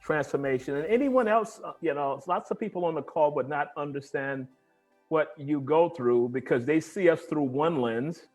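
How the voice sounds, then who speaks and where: A man hosting an interview over a video call, relaxed and affirming with short replies. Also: a little high, normal speed, faint music behind. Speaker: interview host. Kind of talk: conversational interview.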